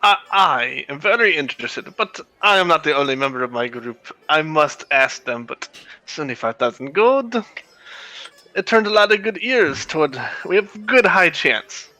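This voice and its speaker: A man playing his character in a tabletop game, haggling in a halting way with restarts. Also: a little high, expressive, bright, forceful tone, low-quality recording. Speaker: player. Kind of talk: in-character tabletop role-play.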